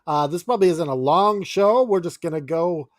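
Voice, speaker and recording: A man's voice: fairly high pitch, fairly quick. A man co-hosting a wrestling podcast in casual chat, laid-back and wisecracking. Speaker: podcast co-host.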